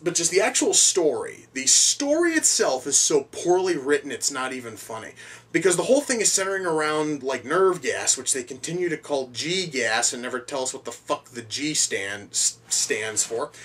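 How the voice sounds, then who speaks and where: A man's voice: medium pitch, fairly bright tone, recorded from a distance. Rambling, profane male film reviewer. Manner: rambling, profane, restarts and repeats words. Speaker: movie reviewer. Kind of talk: casual spoken film review.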